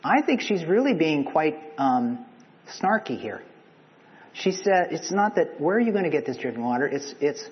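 Conversational preacher in an echoey hall. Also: male voice, a little high, sing-song, normal speed, muffled recording. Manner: conversational, asks the listeners questions. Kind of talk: sermon.

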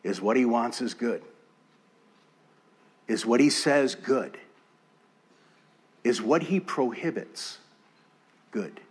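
Male pastor, sermon delivery, measured and emphatic, mid-range voice, stacks repeated phrases for weight. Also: mid-range voice, lively intonation, slightly rough. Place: church.

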